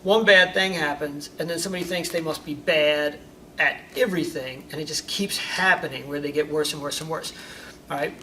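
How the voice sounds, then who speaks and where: An animated karate instructor talks casually to his students and acts out little scenes as he goes. His voice is high and bright, and it sounds a bit distant from the mic. A faint hiss sits behind it. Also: normal speed. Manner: animated storyteller, acts out examples. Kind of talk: informal talk to students. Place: karate school.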